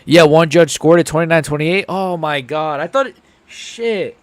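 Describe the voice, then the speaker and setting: A young man hosting a casual live reaction stream. He swings between mumbled asides and loud, excited outbursts. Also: fairly high pitch, moderate pace, no echo. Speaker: host.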